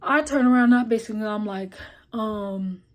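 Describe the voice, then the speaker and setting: A young woman vlogging her story in a casual, blunt and profane way. She is animated and acts out the dialogue as she retells it. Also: moderate pace. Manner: retells scenes with quoted dialogue and filler like "boom, boom, boom".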